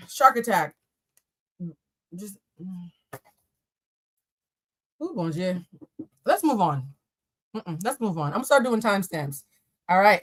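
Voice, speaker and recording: A woman's voice: a little high, a bit bright. A young woman reading tarot on a live stream, chatting to viewers with casual, profane jokes and asides. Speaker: tarot reader.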